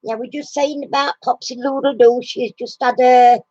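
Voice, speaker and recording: A woman with a high-pitched voice speaks at normal speed in a steady, darkish tone, recorded dry and lo-fi. She's hosting a casual live chat from her recliner at home, chatty and laughing often, and she coos baby talk to her dog.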